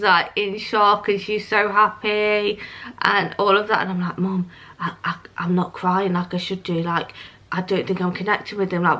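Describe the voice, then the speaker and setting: A young vlogger with a bright, forceful, medium-pitched voice tells the camera a personal story. She's casual and chatty, filling her speech with lots of "um"s and "like"s.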